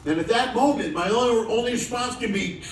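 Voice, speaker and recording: In a cruise ship show lounge, a man with an extremely high-pitched voice performs stand-up briskly, loose and profane, teasing the live audience between jokes. The sound is echoey and distant, with heavy background noise and audience laughter.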